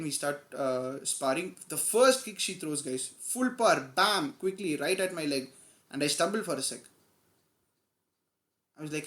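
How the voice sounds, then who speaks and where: A man vlogger telling a personal story in a casual, animated way, stressing key moments. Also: a little high, echoey room. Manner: animated, emphatic retelling with quoted dialogue.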